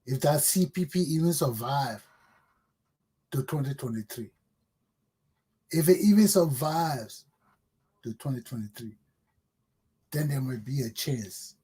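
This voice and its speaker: A man's voice: mid-range voice, lively intonation, measured pace, long pauses, warm tone, slightly rough. A middle-aged man with a Liberian accent, hosting a talk show with blunt, scolding political commentary.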